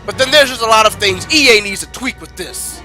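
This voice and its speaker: A male gaming streamer commenting on his gameplay, ranting in frustration and swinging from low muttering to loud shouting. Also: expressive, a little fast. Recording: game music loud behind voice.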